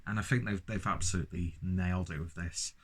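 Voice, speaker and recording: A young man with a London accent talks through a beer review in a casual solo monologue. His voice sits a bit low, and he rambles with enthusiasm, breaking off into jokes at his own expense. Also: steady tone, brisk, fairly bright tone, husky. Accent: London English. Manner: enthusiastic, rambling, self-mocking asides.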